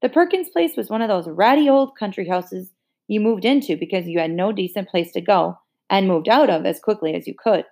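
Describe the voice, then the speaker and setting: A woman reading a children's novel aloud in a measured storytelling manner. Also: mid-range voice, animated, darkish tone. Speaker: audiobook reader.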